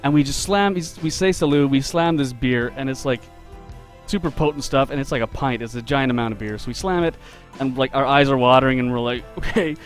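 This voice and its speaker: A man telling a story in a relaxed, chatty way, laughing often as he draws live on a stream for his viewers. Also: mid-range voice, fairly quick, faint music behind. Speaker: game developer and artist streaming live. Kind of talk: casual storytelling while drawing on a live stream.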